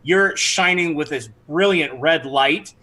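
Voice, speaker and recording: Guy running a tabletop game, bright voice, a bit high, lots of um and uh. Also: a little slow, low-quality recording. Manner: chatty, with many restarts and fillers. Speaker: game master.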